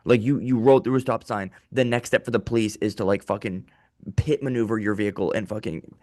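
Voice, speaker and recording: Brief: low-voiced male comic ranting in a small office, dry close sound. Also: a little fast, no room sound. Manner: profane, ranting, animated. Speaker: comedian. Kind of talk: casual comedic monologue.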